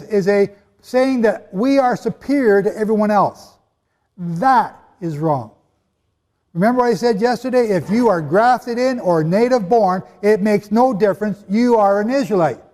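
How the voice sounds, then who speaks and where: Male preacher, high pitch, animated conversational sermon, long hall reverb. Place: hall with a live audience.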